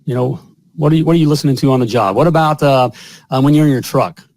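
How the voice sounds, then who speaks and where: A man's voice: mid-range voice, fast talker, darkish tone, no room sound. A man hosting a live online talk show in a folksy, salesy way, repeating himself as he talks. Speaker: host of a live plumbing show. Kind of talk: upbeat live-stream monologue. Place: home studio.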